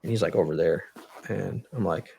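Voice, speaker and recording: A young man telling a story as a podcast guest, blunt and full of swearing, in a halting way. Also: low voice, creaky, dark tone, husky. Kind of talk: storytelling in a conversational interview. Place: podcast studio.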